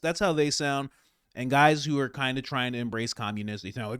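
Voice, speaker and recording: A man rambles through casual political commentary, full of fillers and restarts. His pitch leaps and dips expressively, and the sound is dry and close with no room echo. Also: normal speed, smooth. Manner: rambling, animated, many fillers.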